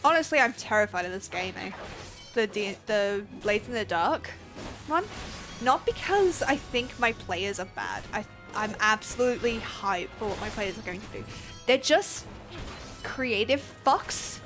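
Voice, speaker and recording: A woman's voice: mid-range voice, animated, measured pace, over music. A young Australian woman chatting casually while livestreaming a game, rambling, laughing and swearing freely. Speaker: game streamer. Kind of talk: casual live-stream chat while gaming.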